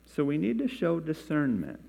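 A pastor gives a sermon with scripture reading in a church, his voice on the high side with huge pitch swings, gravelly and dark, at normal speed. He speaks conversationally and coaxes volunteers from the congregation, and the recording carries long reverb from a large hall.

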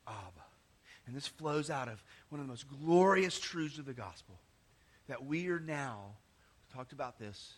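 A man preaching a sermon with passion, rising to emphatic cries and dropping to hushed, near-whispered lines, often repeating words as he restarts phrases. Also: a little high, slightly rough. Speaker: pastor.

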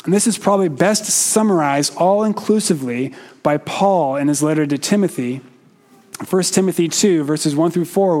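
Man, preacher, sermon, unhurried measured delivery, slightly high voice, questions to the congregation. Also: darkish tone. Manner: slow, measured preaching with pauses.

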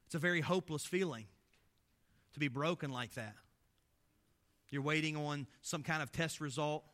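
A man preaching a sermon as pastor, impassioned, asking many rhetorical questions and swinging between loud emphasis and hushed low passages. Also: moderate pace. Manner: impassioned, full of rhetorical questions, swelling and dropping in loudness.

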